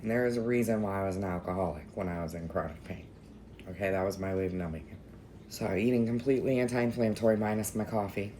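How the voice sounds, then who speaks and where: A woman's voice: a bass voice, a little mellow, slight background noise. A young adult woman telling a story in a casual vlog, candid and emotional, venting with some swearing. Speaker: vlogger.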